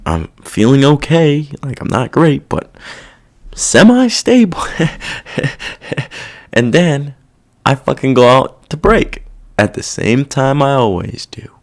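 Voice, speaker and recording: A man's voice: mid-range voice, sing-song, slow pace, long pauses. A man hosting a casual solo podcast, venting in a profane, irritated rant that rambles and loses its thread. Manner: rambling, loses his train of thought. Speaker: podcast host. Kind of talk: casual monologue.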